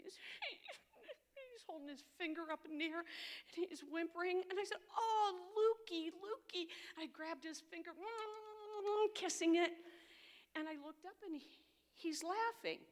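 An older woman, a girls' ministry leader and grandmother, giving an earnest, heartfelt personal testimony as a storyteller. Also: mid-range voice. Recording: long hall reverb.

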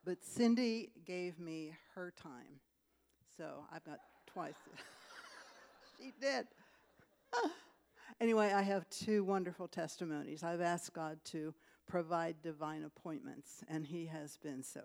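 A woman telling two testimonies to her church, chatty and lively, with laughs and fillers as she tells the story. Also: lowish voice, takes it slowly, vocal fry. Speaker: church member giving testimony.

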